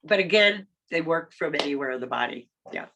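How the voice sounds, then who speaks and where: A woman on a casual video call, talking in a relaxed, rambling way with many fillers. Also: sits low, a little fast, slight background noise. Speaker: community member sharing a testimonial.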